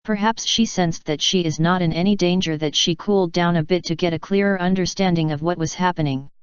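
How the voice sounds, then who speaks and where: Smooth, steady audiobook narrator woman. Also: fairly low pitch, fairly quick, no room sound, lo-fi sound.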